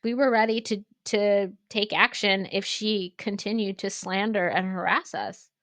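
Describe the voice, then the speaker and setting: A woman's voice: mid-range voice, unhurried, dry recording. Woman telling a story, dry close sound. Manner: animated, swears freely. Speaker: pottery studio co-owner and podcast host. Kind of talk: casual storytelling chat.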